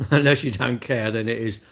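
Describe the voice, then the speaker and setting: A man's voice: medium pitch, fairly even intonation, a little slow, a bit bright. A man, chatting cheekily and rambling to his livestream viewers while eating cake with his mouth full.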